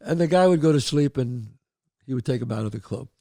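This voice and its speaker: A man, hosting and telling lively stories, acting out the voices of the people in them. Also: mid-range voice, no room sound, studio quality. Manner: animated storyteller, acts out quotes. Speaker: host. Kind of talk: storytelling chat.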